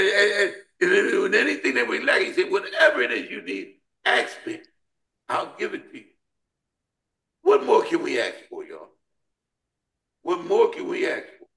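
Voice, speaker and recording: A man leads a Bible study with a high, swooping preacher's voice that climbs and drops dramatically. His tone has a gravelly edge, and he repeats phrases in a call-and-response rhythm. The room around him sounds echoey. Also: fairly bright tone. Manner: call-and-response, repetitive, emphatic preaching cadence. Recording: roomy echo.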